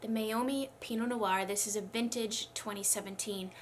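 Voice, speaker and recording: Her voice is medium-pitched and steady, moving at a normal speed. In this casual get-ready-with-me chat, a young beauty vlogger does her makeup while sounding congested and having some trouble speaking, and she rambles in a chatty, self-deprecating way.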